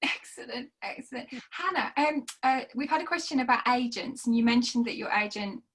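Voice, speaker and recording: A woman hosting an online author conversation, encouraging and reacting quickly, reading out audience questions. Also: on the high side, fairly bright tone, slightly rough. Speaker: host.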